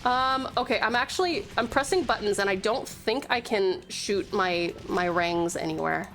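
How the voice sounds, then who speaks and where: Australian woman, game streamer, excitable, swears a lot, faint game music behind. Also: medium pitch, normal speed. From Tasmania, Australia. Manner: excitable, swears and laughs readily. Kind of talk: live game stream chatter.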